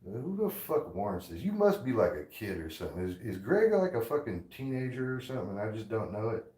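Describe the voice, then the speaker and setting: A man's voice: on the low side, very animated, brisk, dark tone, echoey room, low-quality recording. A man ranting angrily at a commenter, insulting and aggressive, repeating himself. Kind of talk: angry profane rant.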